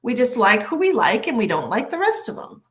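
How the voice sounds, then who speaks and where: A woman's voice: a little high, very animated, a little fast, reverberant, poor audio. A woman in her forties giving psychic card readings on a live stream, chatty and sassy as she reads out viewer comments. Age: 40s. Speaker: psychic tarot reader.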